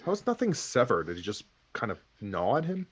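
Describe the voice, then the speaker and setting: A man's voice: medium pitch, wildly swooping pitch, fairly quick, fairly bright tone, slight background noise. A man thinking aloud and laughing often as he reacts to a show he is watching for the first time. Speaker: anime reaction host. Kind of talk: casual reaction commentary.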